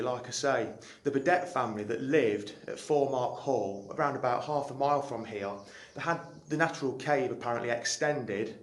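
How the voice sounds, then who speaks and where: Chatty man on a walking tour. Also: medium pitch. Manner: chatty, rambling, curious. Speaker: local history vlogger. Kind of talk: casual walking tour narration. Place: outdoors on a woodland trail and in caves.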